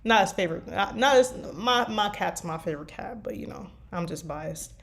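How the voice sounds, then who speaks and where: A woman's voice: mid-range voice, lively intonation, moderate pace, vocal fry, a bit bright. A tired woman chatting casually about writing her fanfiction, rambling with lots of fillers. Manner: rambling, meandering with many fillers. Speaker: fanfiction writer. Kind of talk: casual chat.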